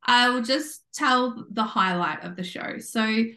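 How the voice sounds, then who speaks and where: A woman co-hosting a podcast, telling a story in a bubbly, animated way and acting out what people said. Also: on the high side, a little slow. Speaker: podcast co-host. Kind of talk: casual chat. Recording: echoey room.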